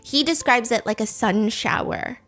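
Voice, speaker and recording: Animated woman recapping a story. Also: fairly high pitch, normal speed. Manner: animated, expressive storytelling with acted-out quotes. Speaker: host. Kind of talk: storytime commentary.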